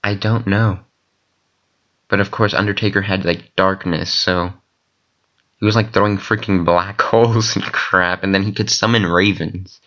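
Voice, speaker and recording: A man telling a long rambling story in a casual vlog, excitable and full of fillers. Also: sits low, normal speed. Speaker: vlogger. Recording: dull lo-fi recording.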